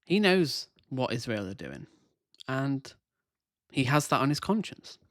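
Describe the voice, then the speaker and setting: A man's voice: medium pitch, sing-song, unhurried, dry recording, studio quality. A man casually commenting on a debate clip he is reacting to, with critical, conversational asides.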